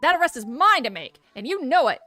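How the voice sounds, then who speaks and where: A woman voicing a brash, hotheaded male detective in a loud, pushy manner, reading game text aloud. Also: very animated, a little fast, soft background music, heavily acted. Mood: riled up. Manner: loud, pushy, raised high pitch.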